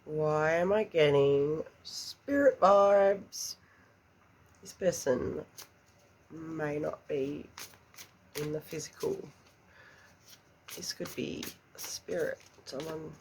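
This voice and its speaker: Female tarot reader, slow, breathy near-whisper with a gravelly texture, emotional delivery. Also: sits low, noisy background. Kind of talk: slow, soft tarot reading.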